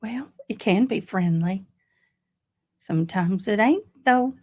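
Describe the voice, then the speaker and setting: A middle-aged woman with a Southern accent hosts a casual livestream. She talks in an unhurried, drawn-out way and reads viewer comments aloud between stretches of chat. Her pitch sits in the middle of the usual range for a woman. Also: lively intonation. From Tennessee, US. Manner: slow, chatty, reading out viewer comments. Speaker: livestream host.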